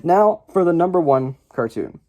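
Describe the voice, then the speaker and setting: A man's voice: fairly high pitch, animated, normal speed, a little mellow. A young man hosting a casual video, talking to camera in a rambling, chatty way, full of fillers and restarts, and joking at his own expense. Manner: jokey and self-deprecating. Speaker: YouTube list-video host.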